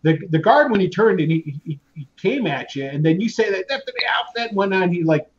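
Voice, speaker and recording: Man, slightly high voice, casual rambling game master, lo-fi mic with steady noise behind. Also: fairly quick. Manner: casual, rambling with fillers and restarts. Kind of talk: narrating a tabletop game. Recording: muffled lo-fi audio with clear background noise.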